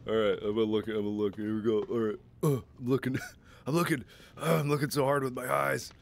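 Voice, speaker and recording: A man in his twenties playing a game and chatting jokily with his viewers in an excitable way. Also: medium pitch, fast talker, creaky. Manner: excitable, jokey, talks to viewers. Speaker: gaming host. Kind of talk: let's play commentary.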